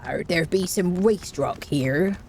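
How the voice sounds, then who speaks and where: A woman's voice: on the low side, slow, vocal fry, a little mellow, a little hiss or hum. A woman giving rambling, casual commentary while streaming a game, full of fillers and restarts.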